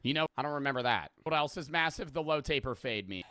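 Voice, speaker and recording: A man's voice: a little high, animated, fast, sharp tone, dry recording, clean studio sound. A young adult man chatting casually on a live stream, rambling and joking, swearing freely and thanking viewers for subs.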